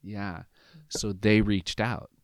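A man in his fifties with a lowish voice, recorded close and dry with no room sound. He is a podcast guest telling a personal story in animated conversation. He leans on "like" and "right?" and acts out other people's lines. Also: slow pace, dry recording. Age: 50s. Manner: peppers his talk with "like" and "right?".

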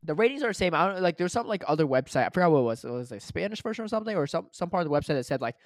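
A man's voice: fairly high pitch, very fast, no echo, clean studio sound. Teasing young man on a podcast. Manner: animated, teasing, laughs often, says "right?" a lot. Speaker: podcast co-host. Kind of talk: casual chat.

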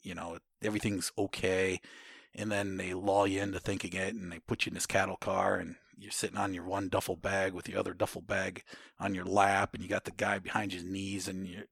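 Middle-aged man, low voice, profane and animated storyteller, dry close sound. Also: a little fast, gravelly, husky, dry recording. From Ohio, United States. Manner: profane, animated storytelling, shouts out drill sergeant lines. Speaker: interviewee, Army veteran. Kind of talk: casual storytelling interview.

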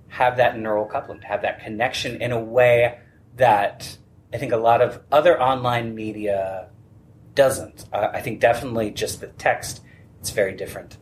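A man's voice: medium pitch, slight background noise. A man moderating a convention panel, talking earnestly and with animation, laughing easily.

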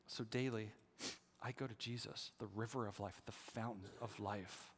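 Pastor preaching in a reverberant hall. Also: male voice, fairly low pitch, moderate pace, a little hiss or hum. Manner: shifts from hushed prayerful whispers to animated storytelling. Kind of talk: sermon.

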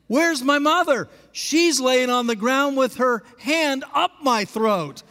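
A male pastor from Alaska telling a story in a sermon. He is animated and asks the congregation questions. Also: very high-pitched, takes it slowly. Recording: long hall reverb.

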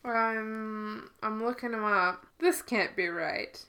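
A woman's voice: a little high, slow pace, sharp tone. A woman co-hosting a casual chat who tells anecdotes and laughs often along the way. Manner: laughs often while telling stories.

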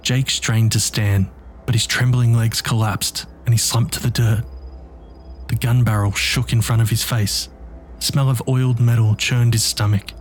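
A man narrating a dark story in a tense, measured, scripted delivery. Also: mid-range voice, little pitch movement, a little hiss or hum.

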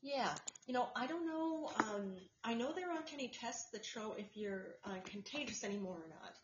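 A podcast co-host explains things at length in a casual chat, using lots of fillers and restarts. Her voice is a little high with lively intonation at normal speed, recorded with a noisy background and a roomy, dull lo-fi sound.

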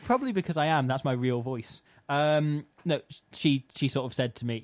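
A man's voice: medium pitch, expressive, a little fast, few pauses. A young man on a podcast, telling rambling anecdotes with self-mocking asides. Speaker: podcast co-host. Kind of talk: casual chat, storytelling.

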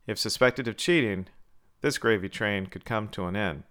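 Low smooth male storyteller. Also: normal speed, fairly bright tone. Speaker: narrator. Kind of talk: scripted story narration.

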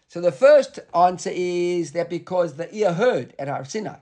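A man's voice: sits high, expressive, normal speed, warm tone. A man giving a Talmud lesson, reading Hebrew and Aramaic phrases and explaining them in English, often checking in with "right?". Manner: rhetorical questions, repeated "right?". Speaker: Talmud teacher.

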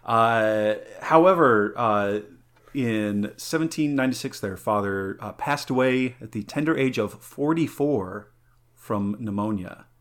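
A man's voice: lowish voice, a little slow, a bit bright. Rambling, laughing male podcast host. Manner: rambling, laughs often, many fillers and restarts. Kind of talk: casual podcast chat.

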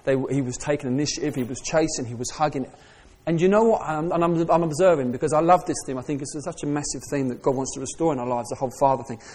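A man in middle age delivers a sermon with a fairly high voice. He shifts from hushed, thoughtful asides to loud, fervent exhortation. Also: steady tone, fast talker. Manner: swings from soft reflective asides to raised passionate preaching. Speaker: preacher.

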